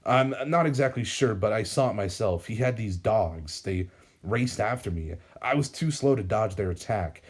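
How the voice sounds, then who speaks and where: A man's voice: on the low side, animated, moderate pace. A man reading as a stern young male hero. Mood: earnest. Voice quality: earnest, stern.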